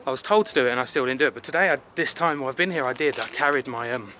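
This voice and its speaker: A man's voice: medium pitch, racing, pushed and bright, slight background noise. A man from England vlogging casually outdoors, rambling and self-deprecating with lots of filler words. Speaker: travel vlogger. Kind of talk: casual rambling travel vlog. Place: outdoors in a city.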